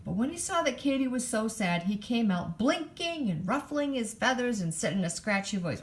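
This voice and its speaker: Woman reading a kids' picture book aloud, very lively sing-song delivery, storytime feel. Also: fairly high pitch, moderate pace.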